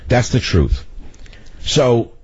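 An older man hosting political talk radio, ranting in a loud, commanding voice. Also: medium pitch, big pitch swings, extremely slow, no echo. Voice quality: husky. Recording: dull lo-fi radio broadcast.

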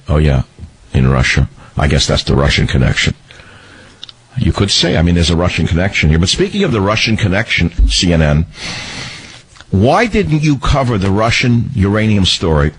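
A man's voice: low voice, slightly rough, no echo, rough recording. A man hosting a talk radio show, delivering a mocking, scolding political monologue.

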